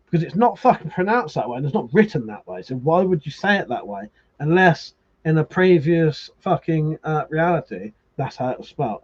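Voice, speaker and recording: A man talks on a casual live stream, swearing and getting worked up as he argues his point. His voice sits slightly high and husky. The audio is dull and lo-fi. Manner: animated, swearing, reading viewer comments aloud. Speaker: livestream host.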